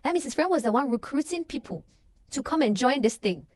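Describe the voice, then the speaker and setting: A young woman tells a film's story in a lively, animated way, slipping into the characters' voices as she goes. Her voice sits a little high, and the recording is close and dry with no room sound. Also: brisk, no echo. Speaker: movie reaction vlogger. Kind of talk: casual movie recap and reaction.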